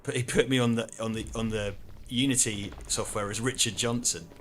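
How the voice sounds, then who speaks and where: A man chatting casually on a gaming livestream, swearing and now and then bursting into excited shouts. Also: fairly low pitch, fairly quick, a little hiss or hum. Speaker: livestream co-host playing the game. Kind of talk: casual chat while gaming.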